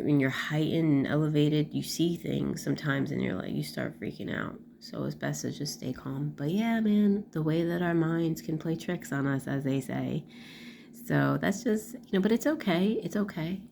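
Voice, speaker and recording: Low gravelly-voiced woman vlogging casually. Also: mellow, slight background noise. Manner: rambling, many fillers and restarts. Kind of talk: casual personal vlog.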